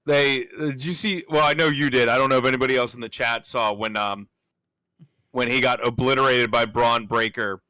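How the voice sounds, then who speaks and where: A man's voice: medium pitch, steady tone, a little fast, sharp tone, clean tone, no room sound. A man co-hosting a gaming stream, chatting casually and often restarting his sentences. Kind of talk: casual chat while playing.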